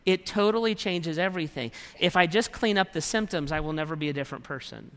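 A man's voice: a little high, fast talker, fairly bright tone, clear, resonant tone. A man preaching a sermon in a conversational way, acting out the prayers and thoughts of his listeners. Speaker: pastor. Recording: long hall reverb.

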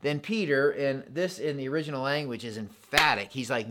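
A pastor preaching a sermon, in an animated, conversational style built on contrasts. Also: male voice, medium pitch, fairly quick, noisy background.

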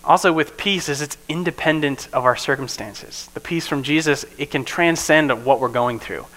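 Bright-voiced man giving a casual sermon. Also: on the high side, moderate pace, low-quality recording. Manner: keeps checking in with listeners with "right?". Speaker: preacher.

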